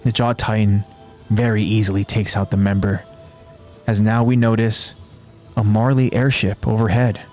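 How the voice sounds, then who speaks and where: A man who hosts a podcast, retelling an anime episode scene by scene in a steady, descriptive way. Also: lowish voice, normal speed, soft background music. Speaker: podcast host.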